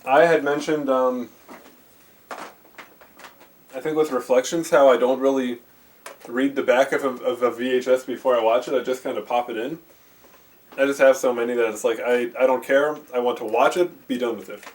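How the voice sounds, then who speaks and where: A man's voice: medium pitch, steady tone, moderate pace, long pauses. Rambling man chatting about old tapes. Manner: rambling, filler-heavy, self-interrupting. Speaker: VHS movie vlogger. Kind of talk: casual rambling movie talk. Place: his bedroom. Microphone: handheld camcorder mic. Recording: faint hiss from a camcorder.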